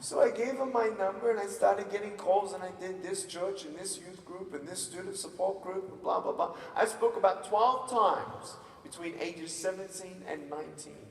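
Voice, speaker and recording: A man giving an animated motivational stage speech in a large convention hall, acting out the dialogue in his stories. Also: sits high, normal speed, creaky, few pauses, recorded from a distance, a little hiss or hum. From Australia. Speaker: motivational speaker. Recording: echoey hall from afar.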